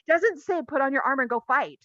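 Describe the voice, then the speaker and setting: A woman co-hosting a casual Bible study chat, animated and full of restarts, who acts out the quotes she tells. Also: high-pitched, fast, dry recording. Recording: dull lo-fi sound.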